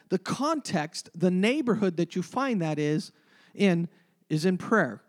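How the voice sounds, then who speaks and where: High-voiced male preacher. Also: animated, a little slow. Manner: emphatic, shifts between loud and hushed. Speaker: pastor. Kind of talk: sermon.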